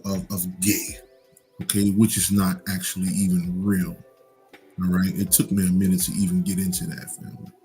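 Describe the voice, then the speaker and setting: A man's voice: lowish voice, warm tone. A man giving a casual, rambling spiritual monologue, profane and full of restarts. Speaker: host.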